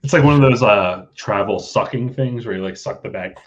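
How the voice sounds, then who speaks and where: A man's voice: lowish voice, brisk. Easygoing male trivia host, lo-fi. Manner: easygoing, reads questions and jokes between them. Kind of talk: casual live trivia stream.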